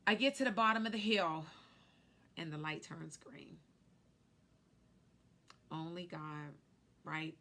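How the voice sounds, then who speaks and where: A woman in her thirties, a life insurance agent, telling a personal story in an animated way on a vlog. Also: sits low, takes it slowly, pauses often. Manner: animated storyteller who acts out quotes.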